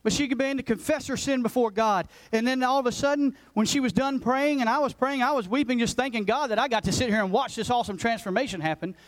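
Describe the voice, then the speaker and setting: A man in his forties, a pastor preaching a passionate sermon that swings between loud urgency and hushed intensity. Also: extremely high pitch, quick pace, few pauses, rough recording. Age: 40s. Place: church sanctuary.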